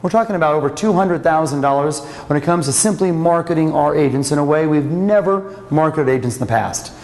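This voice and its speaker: A man's voice: fairly high pitch, fairly quick, a little mellow, big-room sound. A man presenting a company marketing program in an enthusiastic, promotional way. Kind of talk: scripted corporate presentation.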